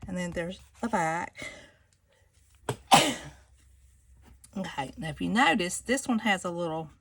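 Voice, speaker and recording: Woman, gravelly vocal fry, gushing show-and-tell, faint background hiss. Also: on the low side, expressive, takes it slowly. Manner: gushing, chatty, addresses viewers as y'all. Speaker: craft seller showing planners. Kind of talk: casual show-and-tell vlog.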